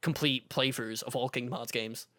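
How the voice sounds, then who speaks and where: A man's voice: mid-range voice, steady tone, moderate pace, a bit bright, no echo, studio quality. A man co-hosting a casual podcast, laid-back and easygoing in his banter. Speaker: podcast co-host. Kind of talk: casual chat.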